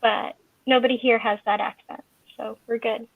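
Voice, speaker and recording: A woman chatting casually on a panel, telling stories in a lively, talkative way. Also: on the high side, moderate pace, vocal fry, dry recording. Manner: chatty, storytelling. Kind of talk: casual chat. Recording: tinny phone-like online call audio.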